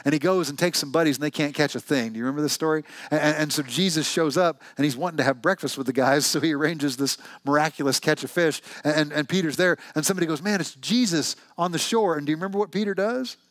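A male pastor delivers a sermon in a lively, conversational style, asking his listeners one question after another. His voice sits a little high for a man. The recording is close and dry. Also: fast talker, few pauses, no echo. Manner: conversational, animated storytelling with rhetorical questions.

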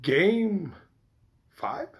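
A man's voice: high voice, very animated, very slow, vocal fry. Rambling, profane man chatting casually. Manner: rambling, loose and profane, with many restarts. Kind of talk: casual chat.

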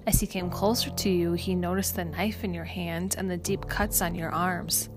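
A woman voicing a kind female doctor who speaks softly and soothingly, calling her patient dear and honey, in a story read over music. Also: on the low side, fairly even intonation, moderate pace, lightly acted. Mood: gently reassuring. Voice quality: soft, gentle. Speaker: hospital doctor. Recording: music playing underneath.

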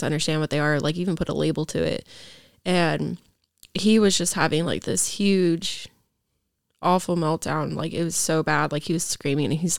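A woman's voice: sits low, creaky, dry recording, clean studio sound. A young woman, a podcast guest, telling a personal story casually and rambling with lots of filler words. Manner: rambling, heavy use of "like" fillers.

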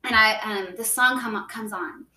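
A young woman shares a personal faith story in an earnest, rambling way, full of "like"s and quick restarts. Her voice is bright. The recording has a roomy echo and she sits a little back from the mic. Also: fairly high pitch, recorded from a distance. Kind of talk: casual faith testimony. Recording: echoey room, voice a bit off-mic.

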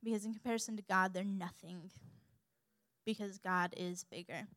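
A young woman giving a sermon in an animated, humorous way. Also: mid-range voice, moderate pace, no echo. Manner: animated and humorous, acts out quoted voices.

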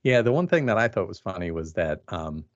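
A man co-hosting a casual film discussion, relaxed and chiming in with short remarks. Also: deep voice, fairly quick, muffled recording. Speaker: podcast co-host.

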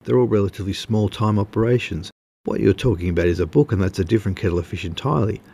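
A man's voice: on the low side, fast, creaky, mellow, slight background noise. A man voicing a smug male magazine editor who lectures a writer over the phone. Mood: smug lecturing.

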